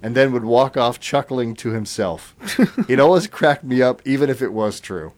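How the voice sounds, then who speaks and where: A man's voice: mid-range voice, moderate pace. A middle-aged man hosting a radio call-in show, reading listener stories aloud with chuckles and easy fillers. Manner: chuckling, relaxed storytelling with fillers. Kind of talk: reading listener comments on air.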